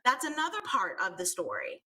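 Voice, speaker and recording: A woman's voice: medium pitch, huge pitch swings, fairly quick, sharp tone, a little hiss or hum, low-quality recording. A woman co-hosting a live panel talk show, explaining her point emphatically and stressing key words. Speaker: co-host.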